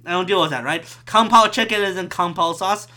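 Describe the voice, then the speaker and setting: A man's voice: sits high, fairly quick, sharp tone. A man hosting a podcast alone, ranting in a profane, rambling way with frequent restarts. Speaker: podcast host. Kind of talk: solo podcast rant.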